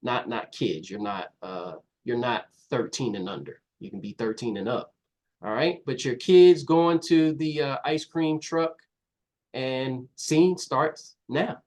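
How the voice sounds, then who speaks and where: A man who is a talent manager, giving feedback and instructions in a relaxed way, with lots of fillers. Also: medium pitch, unhurried. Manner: relaxed, uses fillers like "you know".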